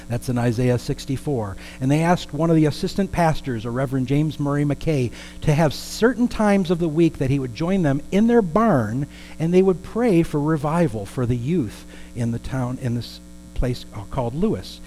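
A man's voice: a little high, expressive, moderate pace, dark tone, a little hiss or hum, rough recording. A man preaching a storytelling sermon in a conversational way, with asides and questions to the congregation.

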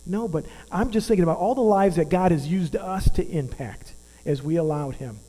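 A man's voice: sits high, moderate pace, warm tone. Man in his fifties preaching in a reverberant hall. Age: 50s. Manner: earnest, conversational, asks the audience questions. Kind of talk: sermon. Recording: long hall reverb with mains hum.

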